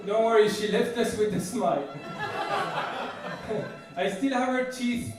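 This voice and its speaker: A man doing a stand-up comedy set, boasting in a deadpan way and often restarting his sentences. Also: high-pitched, brisk, loud music behind the voice. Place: comedy stage before a laughing audience. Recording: echoey, distant live room mic with noise.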